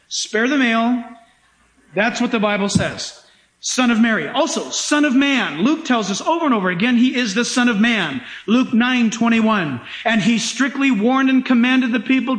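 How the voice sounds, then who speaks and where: A male pastor with a very high voice preaches in an animated, emphatic way. A roomy echo hangs around his words in the hall. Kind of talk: sermon.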